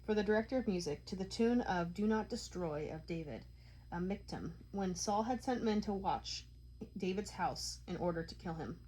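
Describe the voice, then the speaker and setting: A woman reading psalms aloud in a plain, measured way. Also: medium pitch, expressive, a little mellow, breathy edge, poor audio. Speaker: Bible reader.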